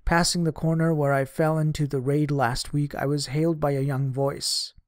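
A man narrates a first-person memoir with a steady, measured delivery. His voice sits a little high for a man. The recording is close and dry, with no room sound. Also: dry recording. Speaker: audiobook reader. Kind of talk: scripted narration of a diary memoir.

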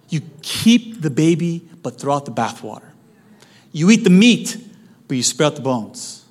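A young man preaching a sermon to his church, conversational and joking, with sudden loud emphasis. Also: fairly high pitch, very animated, moderate pace. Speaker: pastor. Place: church hall.

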